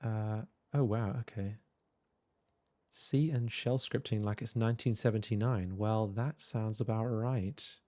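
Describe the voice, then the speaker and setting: A man's voice: fairly low pitch, fairly even intonation, measured pace, mellow, no echo. A man hosting a casual livestream, chatting to viewers in a rambling, hesitant way with many fillers. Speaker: livestream host. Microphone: desk microphone with headphones.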